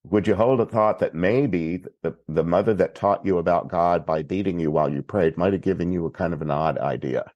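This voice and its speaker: A man from Texas, a priest guest on a podcast, telling a story in an unhurried, plainspoken way. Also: low-pitched, darkish tone, no room sound, highs cut off. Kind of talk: recounting a story in conversation.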